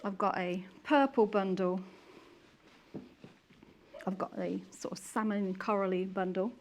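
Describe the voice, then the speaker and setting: A woman's voice: mid-range voice, fairly even intonation, unhurried, a little hiss or hum. A young woman chatting casually while she demonstrates quilting steps. She explains each step in a friendly, plain way.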